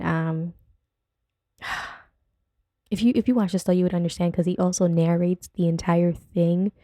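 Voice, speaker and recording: A woman for whom English is a second language hosts a loose podcast from home. Her voice sits a little low and is deeply mellow and dark. She rambles, laughs easily and drifts off topic, all in a dry, unechoing sound. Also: dry recording. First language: not English. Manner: chatty, rambling, easily sidetracked, giggly. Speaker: podcast host. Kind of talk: casual podcast chat. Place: at home with her dog nearby.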